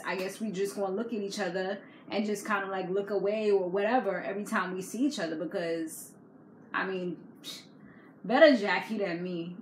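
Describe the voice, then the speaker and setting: Chatty woman gossiping through a tv recap, laughs a lot, echoey room, bit of hiss behind. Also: medium pitch. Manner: slangy, chatty, laughs often. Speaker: reality TV recap vlogger. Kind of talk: casual chat. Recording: echoey room with faint background noise.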